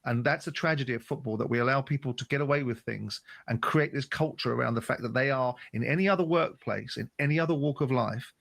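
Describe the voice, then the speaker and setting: Man, radio pundit, emphatic and argumentative, middle pitch. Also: fast, creaky, hardly any pauses, a bit bright. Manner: emphatic, building his argument. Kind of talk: opinionated radio commentary.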